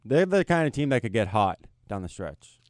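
A man's voice: medium pitch, big pitch swings, normal speed, darkish tone, no echo, studio quality. A young man co-hosting a casual sports chat, laid-back and jokey. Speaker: podcast co-host.

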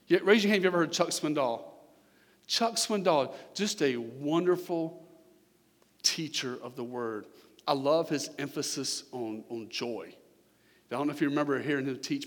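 A man preaching a verse-by-verse sermon, conversational, with repeated words and swings from loud emphasis to quiet. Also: medium pitch. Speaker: pastor. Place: church sanctuary. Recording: long hall reverb.

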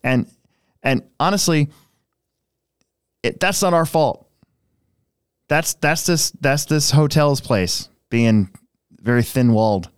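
A man's voice: a little high, slow pace, pauses often, clean tone, no room sound, clean studio sound. Rambling man telling a story. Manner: rambling, restarts often, animated when telling a story. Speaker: podcast co-host. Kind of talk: casual storytelling chat.

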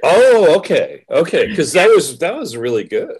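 A man with a deep baritone voice, hosting an interview and asking questions in measured phrases. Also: big pitch swings, a little mellow, breathy edge. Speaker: host. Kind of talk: interview chat.

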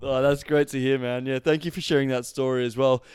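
A man's voice: medium pitch, fairly even intonation, brisk, a little mellow, clean tone. A man hosting a podcast, enthusiastic and encouraging toward his guest. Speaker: podcast host. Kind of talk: podcast interview.

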